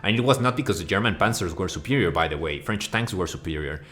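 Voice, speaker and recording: Deep-voiced man ranting profanely. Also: animated, fast talker, fairly bright tone. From Mexico. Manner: crude, swearing, mock-outraged, rambling. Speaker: video host. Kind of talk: profane comedic rant.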